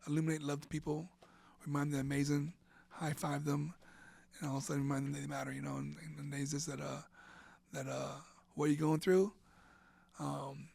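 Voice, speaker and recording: A man in his fifties, an interview guest telling his personal story in an animated way, often repeating words and acting out what others said. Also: a little high, normal speed, gravelly, pauses often, husky. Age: 50s. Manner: animated, acts out quoted voices, repeats words.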